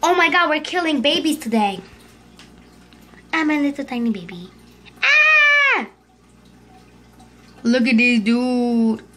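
A female host giving casual commentary over her gameplay, excitable, yelping and urging herself on, dropping to hushed whispers when scared. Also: on the high side, background noise. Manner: excitable, yelps and shrieks, fast repeated urging. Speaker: gaming video host.

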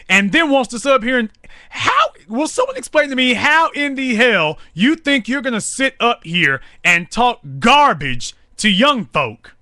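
A man's voice: sits high, bright, forceful tone, no room sound, clean studio sound. A man hosting a live talk show, delivering angry, preaching commentary full of repetition. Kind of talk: fiery political commentary.

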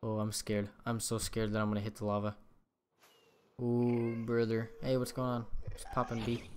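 Profane, excitable man commentating gameplay. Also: on the low side, moderate pace, clear, resonant tone. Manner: profane, trash-talks the game's monsters; excitable, gasps and yelps at surprises. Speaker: gaming streamer.

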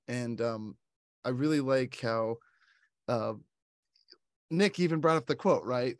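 A man's voice: medium pitch, moderate pace, long pauses, no echo, studio quality. A man co-hosting a casual film chat, enthusiastic and laughing often as he recounts favorite scenes. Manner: enthusiastic, laughs often, quotes lines in put-on voices. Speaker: podcast co-host.

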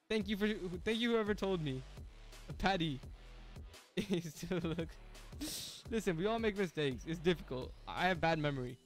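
A man's voice: high voice, expressive, normal speed, faint music behind. A young man streaming a game live, chatting casually with viewers, full of slang, frequent laughs and restarts. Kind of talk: casual live-stream chat while gaming.

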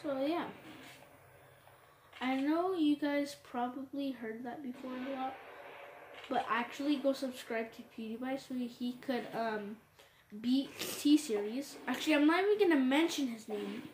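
A woman hosting her own gaming channel, giving casual gameplay commentary full of excited exclamations. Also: sits high, a little slow. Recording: roomy echo with steady background noise.

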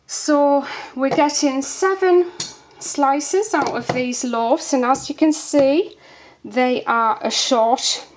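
A woman soap maker chatting casually through a demonstration, a bit out of breath, with lots of fillers. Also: high voice. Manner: chatty, unhurried, many fillers.

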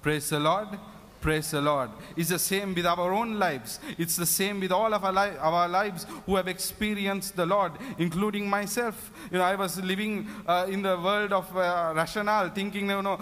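Fervently preaching at a prayer meeting, this man speaks in a high, steady, fairly bright voice at normal speed, breaking into hallelujah again and again. Long reverb from the hall hangs on every word.

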